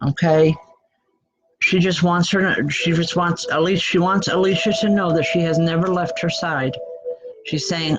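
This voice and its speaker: A woman's voice: on the low side, fairly even intonation, normal speed, highs cut off, music in the background. A woman medium giving spiritual readings to an audience, chatty and blunt, with self-deprecating asides. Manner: blunt, direct.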